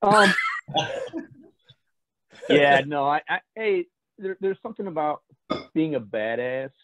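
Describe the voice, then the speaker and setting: A man joining remotely who teases the others gruffly, swearing constantly. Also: a little high, animated, slow, a bit bright, no room sound. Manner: gruff, heavy swearing, teasing. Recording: tinny phone-like line.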